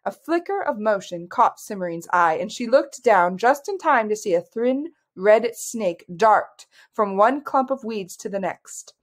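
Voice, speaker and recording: A woman reading a fantasy novel aloud with steady storytelling narration. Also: medium pitch, a little slow, hardly any pauses. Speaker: audiobook reader. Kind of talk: scripted narration.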